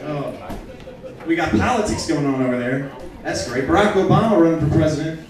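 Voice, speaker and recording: A man's voice: fairly high pitch, fairly quick. A young man doing a stand-up comedy set in a bar, telling crude jokes with brash punchlines. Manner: crude, brash punchlines with lively swings in loudness. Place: bar venue with a live audience. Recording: echoey bar room, distant mic, crowd noise. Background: crowd reactions.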